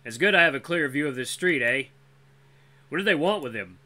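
A storyteller voicing a calm, gruff male black wolf who talks in a dry, steady, faintly menacing way. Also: medium pitch, brisk, voice pushed up. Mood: cool.

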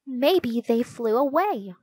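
A woman's voice: on the high side, animated, takes it slowly, a little mellow, no room sound, pitched above the performer's own voice. A woman voicing an outspoken, curious young girl. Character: impatient girl, outspoken friend.

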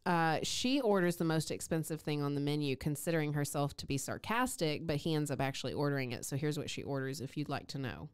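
Smooth-voiced woman reading romance and joking. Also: deep voice, fast, few pauses. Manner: swearing, laughing, mock-dramatic when reading dialogue. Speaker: podcast co-host. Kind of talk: casual chat and reading aloud from a romance novel.

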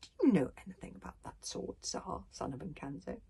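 A woman's voice: low voice, expressive, normal speed, gravelly, warm tone, husky, in a whisper, heavily acted. A woman voicing a stern, imperious warrior queen in a children's story, speaking in grim, commanding proclamations.

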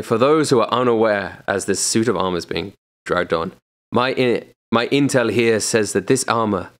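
A man's voice: lowish voice, natural voice. A man playing a grand, showy auctioneer. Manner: salesy, grand announcements. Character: smooth showman male auctioneer.

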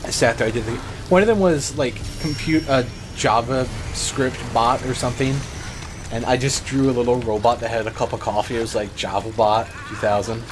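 A young man gives rambling, excitable let's play commentary and swears now and then. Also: mid-range voice, normal speed. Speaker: gamer. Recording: noisy background ambience.

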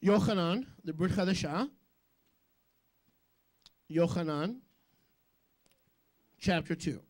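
A man preaching a sermon as a rabbi, joking with quick asides and questioning the congregation. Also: sits high, darkish tone. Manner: jokey, rapid asides, call-and-response questions.

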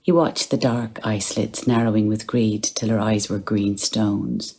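A woman with an Irish accent reading literary prose aloud, unhurried, slipping into a hushed whisper for the character's thoughts. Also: rumbling low, fairly even intonation, slightly rough. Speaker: audiobook reader.

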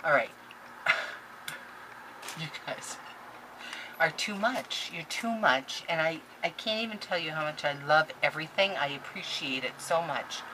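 A woman vlogger opening crafting mail on camera, gushing, excitable and talking straight to her viewers and the senders. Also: low voice, measured pace, long pauses, background noise. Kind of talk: casual unboxing chat to camera.

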